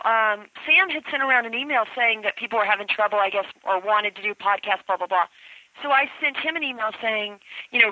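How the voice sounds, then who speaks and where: A woman's voice: a little high, bright, forceful tone, dry recording. A woman from Memphis with a Southern accent, a guest on a radio show, chatting in a rambling way with lots of "you know"s. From Memphis, USA. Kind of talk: casual radio interview. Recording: dry, slightly muffled phone line.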